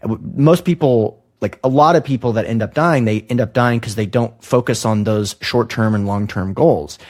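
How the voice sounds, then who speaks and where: Man, podcast host, relaxed, joking, mid pitch, conversational. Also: normal speed. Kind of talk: casual interview talk.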